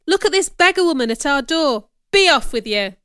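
A woman's voice: high voice, lively intonation, normal speed, no room sound, clean studio sound, voice pushed up. A woman putting on a stern, scolding old housekeeper. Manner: sharp and scolding, raises her voice. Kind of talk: audiobook character reading.

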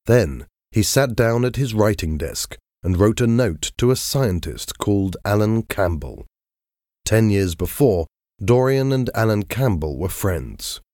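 Brief: male narrator, slow and clear, dry close studio sound. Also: lowish voice, animated, darkish tone, no room sound. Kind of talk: audiobook narration of a graded reader.

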